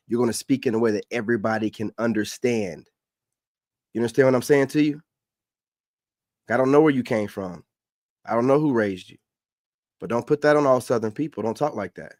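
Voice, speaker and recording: A man's voice: fairly low pitch, a little mellow, no echo, clean studio sound. A man from the Carolinas giving casual reaction commentary, lecturing and repeating his points for emphasis.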